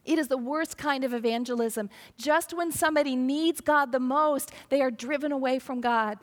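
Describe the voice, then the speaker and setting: A woman's voice: high-pitched, normal speed, few pauses. A middle-aged woman pastor giving an earnest sermon, telling stories and acting out quoted voices. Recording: long reverb of a large hall.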